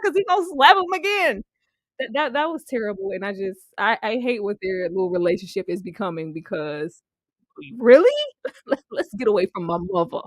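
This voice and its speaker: A woman's voice: mid-range voice, fairly bright tone, no room sound. A young adult woman reviewing a TV episode in casual chat, laughing often and acting out the characters' lines. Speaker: TV show reviewer.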